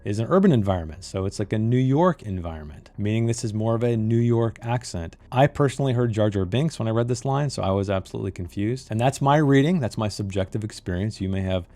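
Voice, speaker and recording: A man's voice: on the low side, expressive, fast talker, few pauses, warm tone. A man reviewing a novel in a critical monologue, emphatic and fond of repeating key phrases for effect. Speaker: book reviewer.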